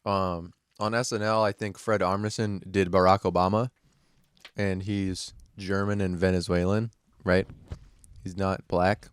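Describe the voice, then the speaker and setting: A man's voice: deep voice, little pitch movement, unhurried, smooth, dry recording. An American man co-hosting a casual podcast chat, hesitant and full of ums, often rephrasing his questions. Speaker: podcast co-host.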